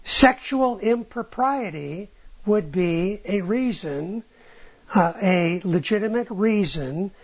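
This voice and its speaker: This woman's mid-range voice is husky and animated, though she takes her time as she teaches a class on rabbinic texts. She peppers the lesson with "right?", "okay?", and rhetorical questions, all in a dull lo-fi recording.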